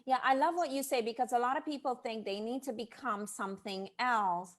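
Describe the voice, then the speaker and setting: A woman hosting an interview podcast as a brand coach, telling stories with lively quoted asides. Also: a little high, a little fast. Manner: animated storyteller, quotes people in lively asides. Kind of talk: casual interview chat.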